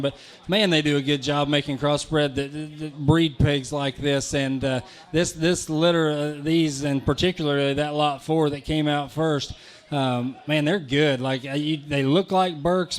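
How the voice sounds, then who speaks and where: A man's voice: fairly high pitch, smooth. A man giving casual, rambling commentary on pigs at a livestock sale, often repeating words.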